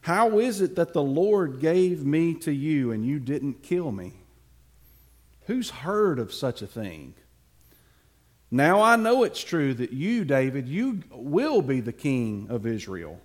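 Remorseful aging king, played by a preacher, tearful and pleading, slow and full of rises and falls. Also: a little high, big pitch swings, full character voice. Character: remorseful aging male king, begging for mercy.

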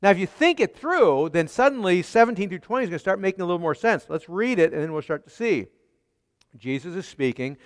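A man's voice: sits high, expressive, fairly quick. Man, pastor, sermon, emphatic, repeats phrases, rhetorical questions, long reverb.

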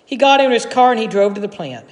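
Male pastor giving a sermon, high voice, big reverby hall. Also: animated. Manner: earnest, quotes authors, dramatic pauses.

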